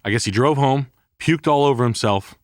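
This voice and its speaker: A man's voice: mid-range voice, fairly quick, dry recording, studio quality. A man telling a rambling, profane story in a casual podcast chat. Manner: rambling and profane, heavy swearing. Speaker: podcast co-host.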